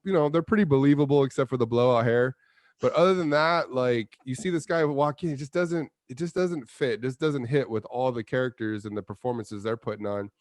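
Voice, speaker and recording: A man's voice: medium pitch, darkish tone, dry recording, studio quality. A man co-hosting a casual movie review chat, rambling in a laid-back way with lots of fillers. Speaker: co-host of a movie review show.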